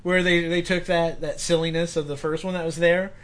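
A man hosting a casual podcast chat, relaxed as he moves between segments. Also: fairly high pitch, fairly quick.

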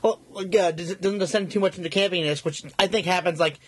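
A man's voice: sits high, fast talker, a bit bright. A man in a casual chat, rambling with many fillers. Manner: rambling, full of fillers like "you know".

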